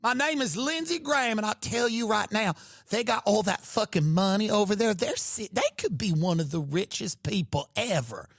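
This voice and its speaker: A man's voice: high-pitched, expressive, normal speed, gravelly, no room sound, clean studio sound, full character voice. A man voicing a sassy, blunt old male politician with an American Southern accent, talking like a reptile done pretending.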